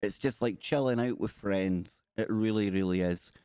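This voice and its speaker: A man's voice: fairly low pitch, normal speed, mellow, clear, resonant tone, dry recording. Jokey man hosting a dry-sounding livestream. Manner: jokey, playful asides. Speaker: livestream host. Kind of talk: casual livestream chat, reading aloud and riffing.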